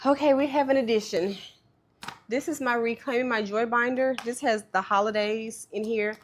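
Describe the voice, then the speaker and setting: A woman's voice: a little high, fairly even intonation, normal speed. A woman casually talking viewers through stuffing cash into budget envelopes, chatty and self-deprecating. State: tearful, voice breaking. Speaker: budgeting vlogger.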